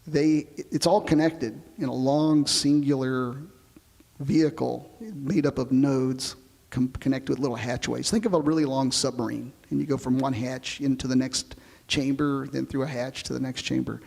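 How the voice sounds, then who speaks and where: Male astronaut interviewee, gravelly, easy storyteller, reverberant recording. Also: mid-range voice, normal speed. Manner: relaxed storytelling, explains with comparisons. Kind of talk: oral history interview.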